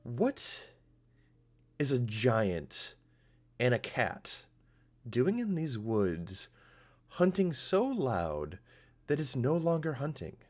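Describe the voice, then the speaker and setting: A man voicing a wary huntress woman who scolds loud hunters in a measured tone. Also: mid-range voice, big pitch swings, pitched above the performer's own voice. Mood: chiding. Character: wary female huntress, firm and dry.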